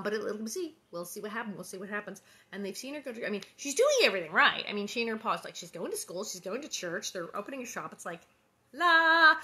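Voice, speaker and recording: A woman's voice: medium pitch, pushed and bright. Woman host, casual and rambling, lots of "um"s and little laughs, chatty aside between chapters. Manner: chatty and rambling, with many fillers and quick laughs. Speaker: host reading a book aloud online. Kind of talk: casual chat between readings.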